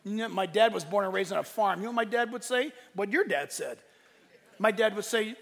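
In a large hall with a long reverb, a middle-aged male pastor delivers a brisk, impassioned sermon, swinging from loud exclamations to hushed storytelling. His voice sits unusually high, bright and forceful, with lively intonation and vocal fry.

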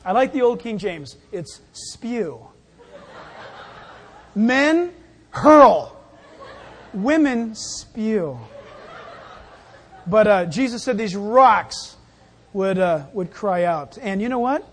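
A pastor giving a sermon in an animated, jokey way, acting out the scenes. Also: mid-range voice, measured pace.

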